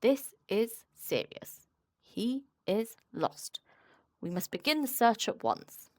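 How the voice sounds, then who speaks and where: A woman voicing a fussy, self-important male rabbit in a storybook read-aloud, talking in a brisk, officious way. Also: on the high side, animated, dry recording, clean studio sound.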